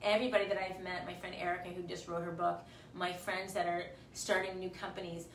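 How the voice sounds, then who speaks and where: A woman's voice: on the low side, flat delivery, a little fast, reverberant, distant mic, slight background noise. Tearful, passionate woman in her forties. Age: 40s. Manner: passionate, emphatic, repeats words. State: tearful, choked up. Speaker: fitness instructor. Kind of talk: emotional motivational pep talk on a livestream.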